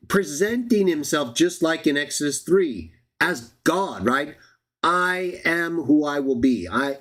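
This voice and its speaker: A man hosting a live-streamed Bible study, reading verses aloud and arguing his point with rhetorical questions to the viewers. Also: fairly high pitch. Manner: argumentative, addresses viewers as everybody, rhetorical questions.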